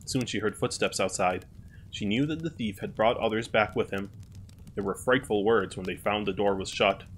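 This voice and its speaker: Low-voiced man narrating a fairy tale. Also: fairly even intonation, moderate pace, slight background noise. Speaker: storyteller.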